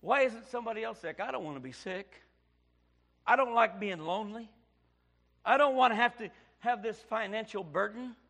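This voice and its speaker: A pastor delivering a sermon in a high, light voice. He drops to hushed storytelling, then rises into loud, pleading cries as he drives his points home. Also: normal speed.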